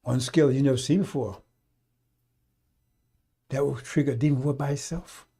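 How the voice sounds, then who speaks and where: A man's voice: mid-range voice, steady tone, normal speed, mellow, breathy edge. A man talking on a radio stream, rambling and scolding in a folksy way, now and then mocking people in put-on voices. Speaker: radio preacher. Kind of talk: unscripted radio talk.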